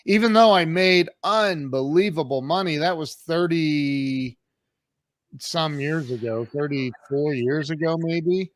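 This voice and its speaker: A man's voice: on the high side, slow pace, no room sound, studio quality. A man in his fifties, a podcast guest, telling his life story in a candid, emphatic way, acting out past conversations. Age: 50s. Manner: candid, emphatic, acts out quoted exchanges. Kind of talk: casual storytelling in an interview.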